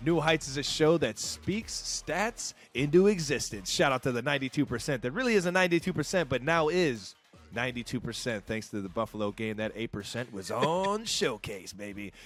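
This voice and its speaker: A man from Ohio co-hosting a sports podcast in casual, playful chat, talking in an animated way with lots of "like" and casual swearing. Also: mid-range voice, normal speed, soft background music. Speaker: podcast co-host.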